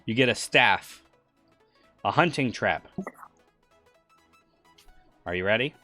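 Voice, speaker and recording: A woman's voice: rumbling low, lively intonation, slow, sharp tone. Woman, American, game master, casual stream chat, teasing, faint background music. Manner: joking, teasing, self-deprecating.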